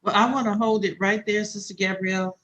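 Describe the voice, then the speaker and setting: A podcast host with a middle-range voice speaks in a measured, unhurried way. The host guides the conversation and points listeners toward articles on the topic. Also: mid-range voice, little pitch movement, fairly bright tone. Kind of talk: educational podcast discussion.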